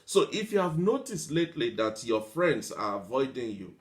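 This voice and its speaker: A man speaking to an audience in a motivational talk, his voice sitting at an ordinary middle pitch. He piles up long lists of everyday examples and repeats phrases for effect. He drops into a whiny voice to mimic complainers and laughs lightly between points. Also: big pitch swings, normal speed.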